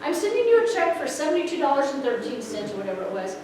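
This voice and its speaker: High, lively woman telling her testimony. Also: fast. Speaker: speaker sharing a personal testimony. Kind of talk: animated storytelling testimony. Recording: echoey room, far from the mic, background noise.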